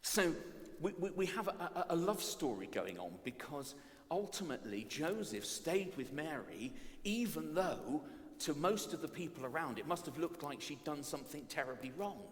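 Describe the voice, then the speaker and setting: A man preaching at a playful family service, animated and self-mocking as he tells the story. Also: fairly high pitch, normal speed. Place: church. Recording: long reverb of a church hall.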